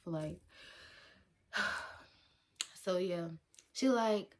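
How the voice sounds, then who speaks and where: A young woman from Detroit talking casually to camera as a vlogger. She tells a story in a slangy, animated way and acts out her own lines. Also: medium pitch, measured pace.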